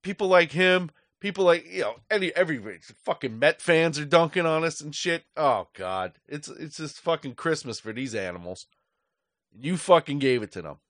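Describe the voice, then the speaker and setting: A man's voice: a little high, lively intonation, moderate pace, a bit bright, no echo. Middle-aged male podcast host, angry profane rant, dry recording.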